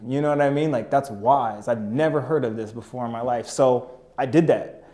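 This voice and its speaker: A young man, a podcast guest who runs a business, telling stories in a relaxed, slangy way and often saying "you know what I mean". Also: mid-range voice, normal speed. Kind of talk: casual storytelling chat.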